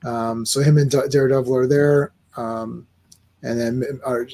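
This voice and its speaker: A man's voice: mid-range voice, fairly even intonation, unhurried, mellow. A man hosting a casual comic book podcast, rambling and laughing easily as he walks through the story. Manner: laid-back, rambling, laughs often. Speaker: podcast host.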